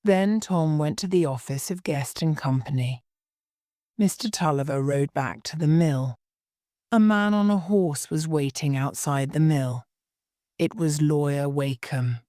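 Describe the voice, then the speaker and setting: Woman narrator, low voice, slow careful delivery, dry close sound. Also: mellow, dry recording. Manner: slow, plain, careful reading. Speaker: story reader. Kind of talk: scripted narration for English learners.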